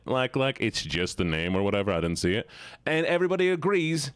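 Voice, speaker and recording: A man's voice: medium pitch, very animated, moderate pace, dry recording, studio quality. A man streaming as a VTuber, chatting casually with his viewers in a rambling, joking, self-mocking way.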